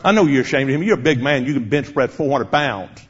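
A man's voice: mid-range voice, expressive, quick pace, a bit bright, husky. A man preaching a sermon, speaking directly and challengingly to his congregation, on a dull lo-fi recording.

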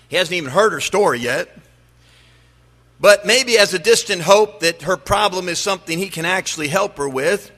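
A middle-aged male pastor preaching in a church sanctuary, his voice high for a man and bright. He pushes hard on his points and then drops low again. The sound carries a long hall reverb. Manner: emphatic preaching, rising and dropping to make points. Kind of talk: sermon.

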